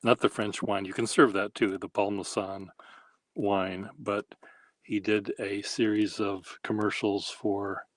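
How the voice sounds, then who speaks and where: A man with a lowish voice talks in an easy, unhurried way, drifting from one anecdote to the next. He hosts a casual, rambling chat, pausing often as he gathers his thoughts. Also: flat delivery, no room sound. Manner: meandering, halting anecdotes. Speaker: host.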